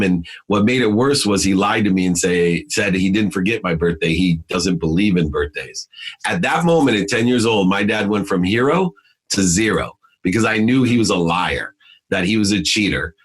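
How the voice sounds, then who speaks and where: A man's voice: fairly low pitch, fairly bright tone, husky. A middle-aged man, a podcast guest, telling personal stories in earnest with many "uh" fillers. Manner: earnest, many "uh" fillers, rises sharply when retelling arguments. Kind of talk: personal storytelling in an interview.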